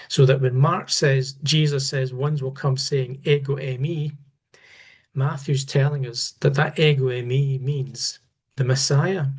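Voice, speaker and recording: A man giving an unscripted Bible study lesson, measured and halting, often restarting his words. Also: medium pitch, a little mellow. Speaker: Bible teacher.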